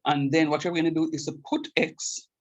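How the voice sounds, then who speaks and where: Husky-voiced man teaching calculus. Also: fairly high pitch, fairly even intonation, fairly quick, dull audio. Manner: repeats key points emphatically and checks understanding. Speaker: calculus lecturer. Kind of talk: classroom math lecture.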